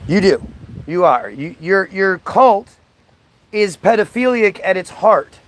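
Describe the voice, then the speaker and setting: A man's voice: sits high, animated, takes it slowly. A man on a livestream ranting at his chat, combative and mocking as he reads out comments and argues back. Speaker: live streamer. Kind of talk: livestream rant, reading out and answering chat.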